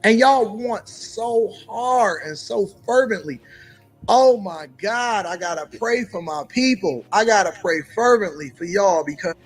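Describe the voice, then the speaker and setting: A man's voice: high-pitched, a little slow, slightly rough, soft background music. A man ranting in a played clip, mocking and sing-song, drawing his words out.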